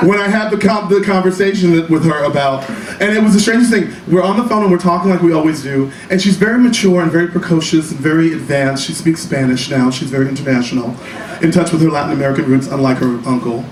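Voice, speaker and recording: A man performing a one-man comedy show in a small club, telling stories in a sassy, profane way with quick asides. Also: a little high. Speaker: stand-up comedian. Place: small cabaret club stage. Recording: roomy live club recording from a distance, audience noise. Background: audience laughter.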